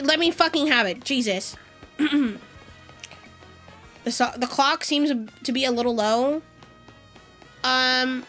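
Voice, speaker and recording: A young woman streamer in casual live-stream chat, excitable, swearing freely and laughing often. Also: high voice.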